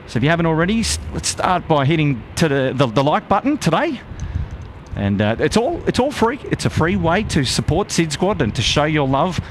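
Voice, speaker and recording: A man with an Australian accent hosting a live stream outdoors, reading out viewer shout-outs in a friendly, upbeat way. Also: fairly high pitch, very animated, brisk, a little hiss or hum. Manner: upbeat, friendly, lots of "g'day, mate". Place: outdoors at an airport plane spotting spot.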